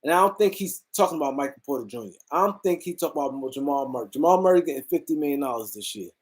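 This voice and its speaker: Animated and racing, a mid-range-voiced man hosts a casual sports talk show from the US East Coast. His rant is emphatic and repetitive as he rambles from point to point.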